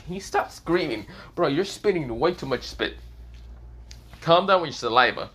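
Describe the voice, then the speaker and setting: A man's voice: a little high, expressive, normal speed, a bit bright, breathy edge. A man voicing a brash, cocky young male fighter who taunts his enemy with crude insults. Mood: annoyed.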